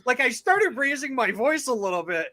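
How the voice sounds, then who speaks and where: A man's voice: very high voice, moderate pace. A man co-hosting a casual podcast, telling rambling, profane stories. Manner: rambling, profane, animated storyteller. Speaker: podcast co-host. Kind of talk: casual chat, anecdote telling.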